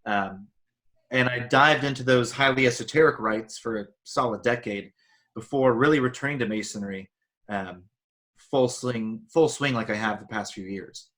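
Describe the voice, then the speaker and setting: A man's voice: mid-range voice, normal speed, a bit bright. A man from Arizona, a podcast guest, explaining earnestly in casual conversation and speeding up when making a point. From Arizona, United States.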